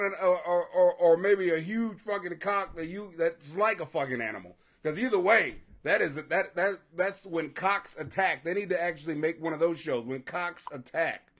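A man with a high, bright speaking pitch talks casually to viewers. He is animated and profane, jokes constantly, laughs easily, and tangles himself up on unfamiliar names. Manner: animated, joking, profane, laughs often, stumbles over names.

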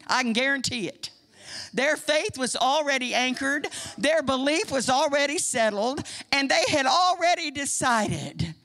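Older midwestern lady preaching, high voice w/ lots of gravel, folksy and emphatic. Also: expressive, measured pace, fairly bright tone. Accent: Midwestern American. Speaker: church speaker. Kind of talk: sermon. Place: church sanctuary.

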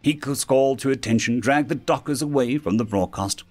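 A man narrating a science-fiction story in an expressive storytelling manner. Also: medium pitch, fairly quick, hardly any pauses, soft background music. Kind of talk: scripted sci-fi story narration.

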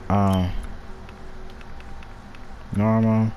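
A man giving casual, slangy commentary over a horror game, taunting enemies and shouting loud excited reactions. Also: on the low side, extremely slow, soft background music. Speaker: gaming channel host.

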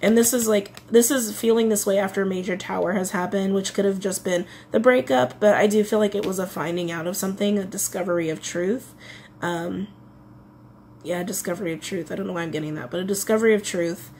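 A woman's voice: mid-range voice, fairly even intonation, fairly quick, darkish tone, slight background noise. A woman giving a casual tarot reading, chatty, often repeating her phrases. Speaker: tarot reader.

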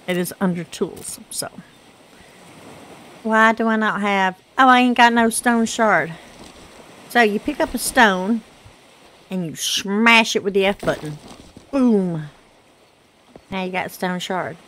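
Slow-talking Southern woman, stuffy sinuses. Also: medium pitch, a bit bright. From Southern United States. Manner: chatty, rambling, self-deprecating with fillers. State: congested sinuses, rough voice. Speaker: gaming channel host. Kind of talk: casual gameplay commentary.

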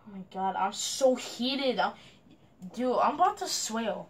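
A woman's voice: fairly high pitch, expressive, unhurried. A young woman commenting on her gameplay, frustrated and complaining at a teammate. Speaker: gamer.

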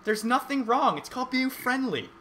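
A young man co-hosts a loose, teasing podcast chat. His voice is high and very bright, jumping all over the pitch range. A faint hiss runs under the recording. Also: animated, moderate pace. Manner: mocking, laughs a lot. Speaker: podcast co-host. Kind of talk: casual teasing banter.

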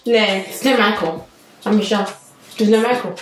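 A woman's voice: mid-range voice, steady tone, normal speed, recorded from a distance. A young woman filming a prank vlog with her dad, talking in a playful, pleading, giggly way. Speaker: family channel vlogger. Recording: echoey room, off-mic, music underneath.

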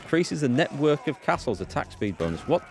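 A man's voice: a little high, big pitch swings, brisk, a little mellow, faint music behind. A man giving casual, rambling commentary while he plays a strategy game, thinking aloud with a self-deprecating humour. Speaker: let's play host.

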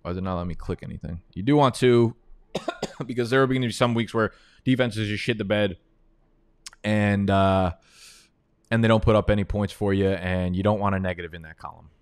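A man's voice: fairly low pitch, fairly even intonation, fairly quick, clear, resonant tone, no room sound. A young man giving casual, profane, trash-talking commentary on a live stream. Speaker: fantasy football analyst.

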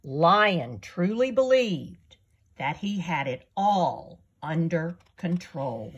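Woman reading children's story, slow, breathy, very lively intonation. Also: lowish voice, lo-fi sound. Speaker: children's book author. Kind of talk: storybook read-aloud for young children.

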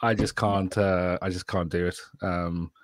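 A chatty man with a Geordie accent, talking over a video call from home late at night. His voice sits a little low and sounds dry and close, and he often restarts his sentences in an easy, self-deprecating way. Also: level tone, unhurried, dry recording. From northeast England. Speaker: guest speaker, educator. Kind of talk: casual chat and presentation.

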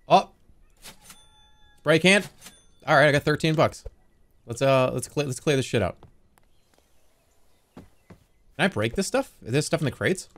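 A man in his thirties streaming a game live, talking in an animated, rambling and profane way. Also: medium pitch, normal speed, long pauses. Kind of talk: live gameplay commentary.

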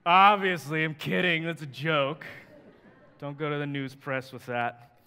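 A man's voice: on the high side, fairly even intonation, measured pace, sharp tone, clear, resonant tone. A male pastor preaching a sermon in a conversational, joking and emphatic way, in a church hall. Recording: long hall reverb.

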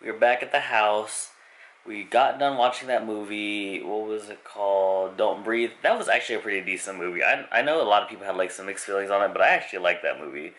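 A young man chatting casually to camera in a vlog, excited and joking, out at a restaurant. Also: fairly low pitch, a little fast. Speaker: vlogger. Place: restaurant and car out and about. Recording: loud crowd and noisy ambience.

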